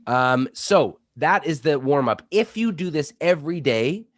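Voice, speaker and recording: Energetic male public speaking coach. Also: a little high, unhurried, no room sound, studio quality. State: sick. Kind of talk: online workshop instruction. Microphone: studio microphone.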